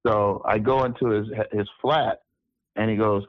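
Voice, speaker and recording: A man's voice: on the low side, fairly even intonation, normal speed, no room sound, dull audio. A man over sixty, a musician guest, telling stories in a casual interview, often repeating words as he goes.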